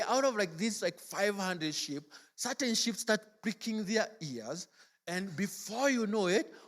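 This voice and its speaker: A man preaching a sermon in a church, telling stories in a chatty way full of "like" and "as it were". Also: high-pitched. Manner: chatty storytelling, frequent "like" and "as it were". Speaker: pastor.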